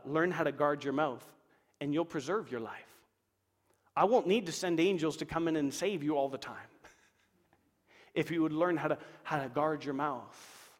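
A man preaching a sermon in an animated way, acting out inner voices and laughing now and then. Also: a little high, long reverb tail. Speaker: pastor.

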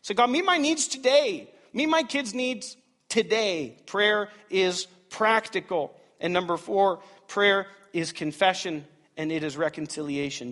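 Animated high-voiced male preacher. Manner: animated, dramatic swings from loud to hushed. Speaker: pastor. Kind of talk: sermon. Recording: reverberant church hall.

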